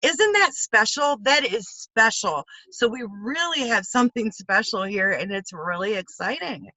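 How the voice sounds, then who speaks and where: Bright, enthusiastic woman host. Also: medium pitch, normal speed, dry recording, rough recording. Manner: enthusiastic, exclamatory, animated quoting. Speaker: host of a team call. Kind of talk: upbeat motivational talk.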